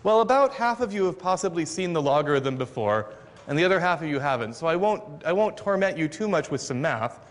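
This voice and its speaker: A man with a high-pitched voice explains his subject step by step to a room of listeners, adding a little dry humor along the way. His words ring out with the long reverb of a lecture hall. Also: animated, a little fast. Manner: explanatory, lightly joking. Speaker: professor. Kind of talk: university outreach lecture.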